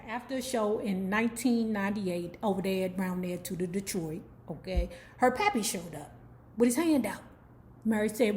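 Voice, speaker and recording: A woman's voice: medium pitch, animated, normal speed, darkish tone, slight background noise. A woman hosting her own channel, telling a celebrity life story in casual, gossipy commentary, swearing freely and now and then breaking into song. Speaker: YouTube host.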